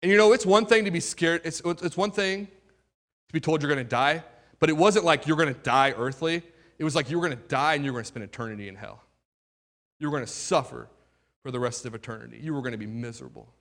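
A young man preaches his own testimony to a room of listeners. His voice sits a little high and comes out bright and forceful. He tells the story with drama, sinking to a hush and then rising loud, and throws questions straight at the crowd. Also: fast. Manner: dramatic storytelling, swinging between hushed and loud. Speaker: youth speaker giving his testimony. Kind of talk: testimony sermon to a live audience.

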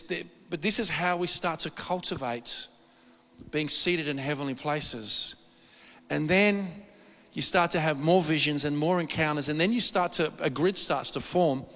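A man preaching a sermon in a church hall, animated and repetitive, often restarting his sentences. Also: a little high. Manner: animated, repetitive, excitable delivery with frequent restarts. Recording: long reverb of a hall.

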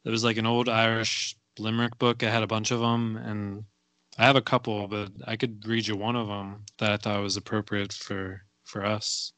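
A man's voice: on the low side, little pitch movement, moderate pace, fairly bright tone, no room sound. A man co-hosting a podcast, laid-back, laughing often and reading silly limericks. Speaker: podcast co-host. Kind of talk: casual chat.

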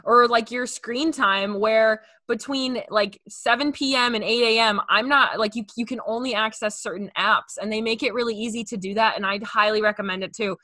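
A young woman hosts a podcast in loose, chatty talk full of filler words. Her voice is a little high and bright, with a sharp edge. The sound is close and dry, with no room around it. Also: steady tone, moderate pace, hardly any pauses, no echo. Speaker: podcast host. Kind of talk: casual podcast interview.

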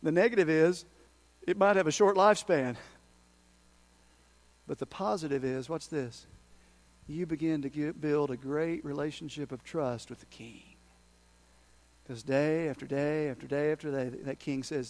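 High-voiced man preaching with passion. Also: steady tone, moderate pace, a little mellow. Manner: impassioned preaching, acting out prayers and asides. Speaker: pastor. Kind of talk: sermon.

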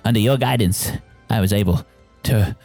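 A man's voice: moderate pace, faint music behind. A man voicing a small, proud male construct of bronze and gold who talks like an eager child. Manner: eager, high and excitable.

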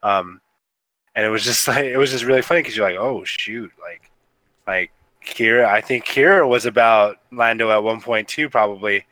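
A man's voice: lowish voice, normal speed, bright, forceful tone, no echo, low-quality recording. A man co-hosting a casual movie review podcast, rambling with lots of fillers and laughter. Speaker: podcast co-host.

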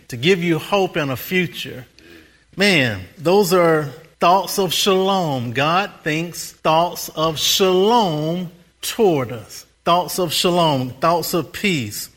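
A man preaching a sermon as pastor, building rhythmic repeated phrases, slowing down for emphasis and laughing at his own stories. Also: fairly high pitch, fairly bright tone.

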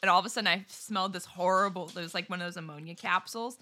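A woman co-hosting a podcast, telling a story in casual chat, animated and laughing often, swearing and acting out what people said. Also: fairly low pitch, racing. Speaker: podcast co-host.

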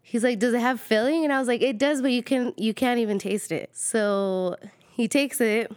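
Young woman, giggly storyteller, a bit high-pitched, dry close sound. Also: moderate pace, darkish tone, clear, resonant tone, no room sound. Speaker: guest storyteller. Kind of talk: casual chat.

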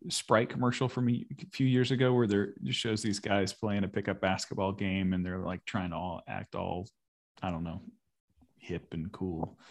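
A man's voice: sits low, steady tone, normal speed. A man in a casual conversation about pastoral ministry, thinking aloud and repeating words as he goes.

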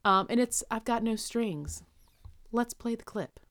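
A woman's voice: on the high side, unhurried, a bit bright, no room sound, studio quality. A woman co-hosting a podcast in a chatty, casual way, laughing easily. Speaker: podcast co-host.

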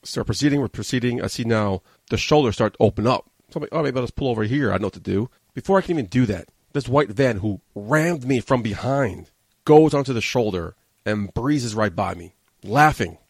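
A man's voice: medium pitch, expressive, brisk, a bit bright, breathy edge, dry recording. A man from New hosting a podcast, telling a story in a casual, profane, agitated and rambling way. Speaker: podcast host. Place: studio.

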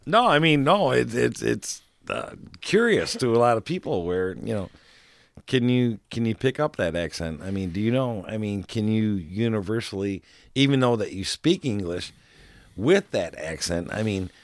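A man's voice: on the low side, animated, normal speed, dry recording. A man hosting a podcast in casual chat, rambling and laughing often as he talks.

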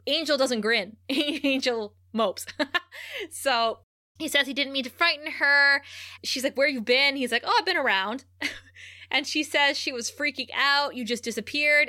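A woman with a fairly high, bright voice, chatting casually as she recaps a TV episode. She retells scenes with animation and voices the characters' quoted lines as she goes. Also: no room sound, studio quality. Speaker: podcast co-host recapping a TV episode.

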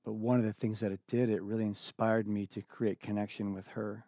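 Man, middle-aged, deep-ish voice, reflective, halting restarts, dry recording. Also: level tone, warm tone, dry recording. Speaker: interview guest. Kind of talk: candid personal conversation.

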